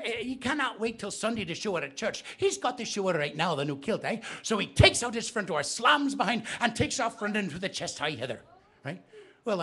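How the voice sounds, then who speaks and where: A man's voice: high-pitched, bright, forceful tone. A man telling comic stories live to an audience in a bookstore, chatting with the crowd. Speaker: storyteller.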